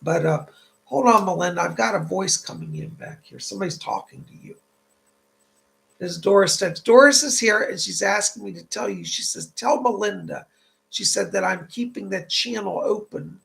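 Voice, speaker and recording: A man hosting a live-stream psychic reading, chatty and relaying spirit messages, his voice tight and gravelly from the cold. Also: high voice, huge pitch swings, normal speed, fairly bright tone. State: voice tight and cracking from a cold house.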